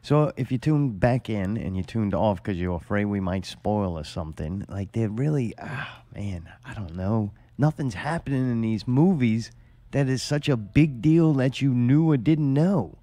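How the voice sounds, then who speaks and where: A man's voice: mid-range voice, lively intonation, moderate pace, warm tone, dry recording. Profane, ranting male podcast host. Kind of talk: casual chat. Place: studio.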